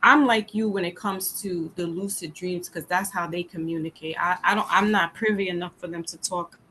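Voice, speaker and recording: Calm measured woman, faint noise behind. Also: on the low side. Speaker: podcast guest. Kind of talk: casual chat.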